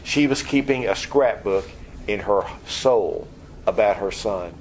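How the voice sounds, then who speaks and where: A man preaching an expository Bible lesson, explaining word meanings and acting out scenes with lively energy. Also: on the low side, measured pace, slight background noise, rough recording. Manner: animated, acts out scenes. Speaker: pastor.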